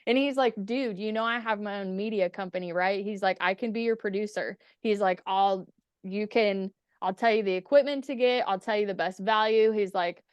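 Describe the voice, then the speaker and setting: A young woman who swears freely as she tells her stories as a podcast guest, switching into the voices of the people she quotes. Her voice is smooth and clear at a middle pitch, recorded dry and close. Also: moderate pace, no echo, dull audio. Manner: candid, profane, acts out quoted dialogue. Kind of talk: casual storytelling interview.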